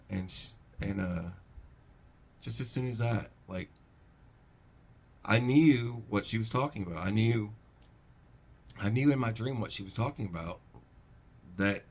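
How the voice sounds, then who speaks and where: A middle-aged man hosting a preparedness channel, recounting a dream in a rambling, halting way with many restarts. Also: lowish voice, lively intonation, creaky, breathy edge. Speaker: prepper channel host. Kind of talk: casual storytelling to camera.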